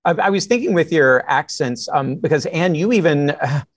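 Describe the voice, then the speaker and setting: A moderator putting questions in a roundtable interview, quick and hesitant with fillers. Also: mid-range voice, expressive, dry recording.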